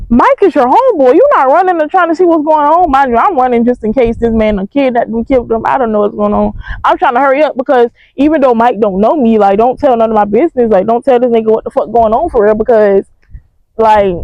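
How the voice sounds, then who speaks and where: Young woman, storytime vlog, high voice, animated, profane, dry close sound. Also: dry recording, dull audio. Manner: animated, profane, emphatic retelling.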